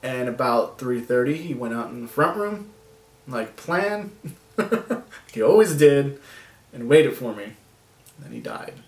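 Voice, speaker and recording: A man vlogging to the camera, talking in a soft, halting way with nervous laughs and long pauses. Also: medium pitch, huge pitch swings, reverberant, far from the mic, rough recording. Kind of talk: personal vlog talking to camera.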